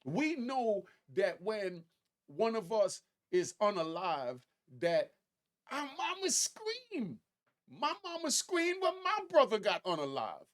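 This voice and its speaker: A man hosting a casual commentary, talking straight to his viewers and climbing to emphatic highs on key points. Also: a little slow. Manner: animated, rising to emphatic high pitch on key points; conversational, addresses viewers directly. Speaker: commentary host.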